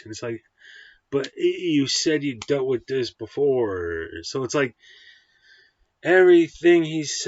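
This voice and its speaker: A man's voice: medium pitch, no echo. Blunt, profane man ranting a film review. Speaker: movie reviewer. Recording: dull, dry lo-fi sound.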